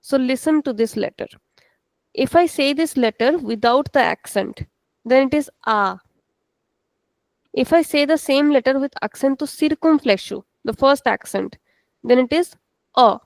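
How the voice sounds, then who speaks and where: A woman's voice: high-pitched, normal speed, no echo. A woman teaching a language lesson, explaining step by step and checking in with "okay". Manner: switches into Hindi to explain.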